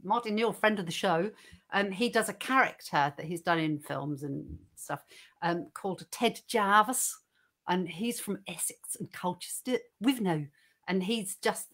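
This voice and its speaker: A woman's voice: lowish voice, fairly bright tone. A woman co-hosting a casual online show, chatting and laughing easily, with a self-deprecating manner, heard over a video call. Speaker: co-host reading a dialect poem.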